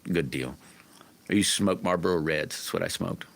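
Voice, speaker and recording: A man's voice: sits low, normal speed, vocal fry, fairly bright tone. A middle-aged man hosting a livestream, chatting casually with viewers in a folksy, rambling way full of restarts. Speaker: livestream host.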